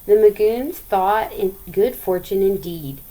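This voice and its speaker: A woman's voice: mid-range voice, slow, mellow, rough recording. Woman teacher reading a story aloud. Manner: chatty, asks the listeners questions.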